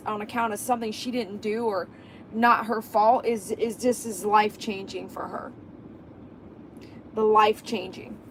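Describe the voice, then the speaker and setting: A woman's voice: fairly high pitch, a little hiss or hum. Impassioned woman vlogging. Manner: impassioned, emphatic, rambling with repetitions. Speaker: dog groomer and vlogger. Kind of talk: casual vlog monologue.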